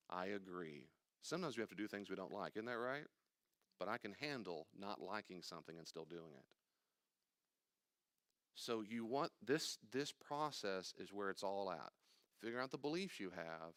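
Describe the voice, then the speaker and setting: A man's voice: fairly low pitch, lively intonation, normal speed, a bit bright, clean tone, no room sound, studio quality. An older man, a pastor, teaching a church study class in an emphatic, conversational way, acting out anxious inner voices and wandering into asides.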